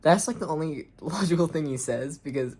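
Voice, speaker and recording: A woman's voice: sits low, brisk, warm tone, slightly rough. A young woman reading aloud a story she wrote as a child, breaking in with sarcastic comments and frequent ums. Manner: sarcastic asides, frequent ums and uncertain trailing off. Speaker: reader and commentator.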